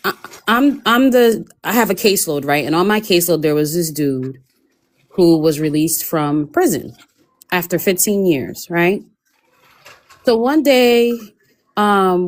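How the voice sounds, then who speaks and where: Casting: woman, slightly low voice, lively storyteller. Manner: animated storyteller, wide swings into mock voices. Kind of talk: casual storytelling chat.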